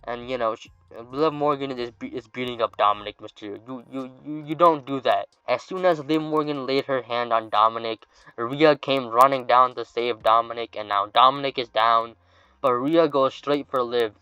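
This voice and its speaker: A man narrating casually in a bright, crisp voice and tossing in offhand asides. The recording is dull and lo-fi, with a dry, close sound. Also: medium pitch, normal speed, dry recording. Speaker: fantasy booking narrator.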